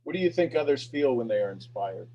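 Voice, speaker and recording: A man hosting a live motivational talk, energetic and preachy, repeating questions and swinging between loud bursts and hushed lines. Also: mid-range voice, fast talker, lo-fi sound. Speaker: host of a motivational talk show.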